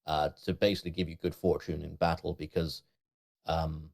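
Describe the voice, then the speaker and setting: A man's voice: a bass voice, little pitch movement, normal speed, gravelly, a little mellow. A man from southwest England, chatting on a podcast in an easygoing, joking way with plenty of fillers. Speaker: podcast co-host. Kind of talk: casual chat.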